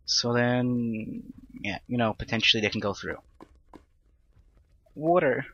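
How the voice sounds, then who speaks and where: A man's voice: medium pitch, unhurried, bright, forceful tone, highs cut off. A young man giving casual, rambling commentary on his own gameplay, self-deprecating and prone to sudden panicked outbursts. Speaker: Let's Play gamer.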